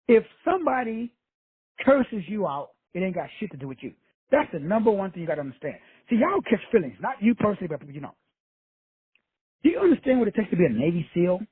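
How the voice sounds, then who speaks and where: A man's voice: high voice, breathy edge, no room sound. A man talking bluntly and profanely in a casual, streetwise motivational monologue as the host. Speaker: motivational speaker, show host. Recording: dry, tinny phone-like recording.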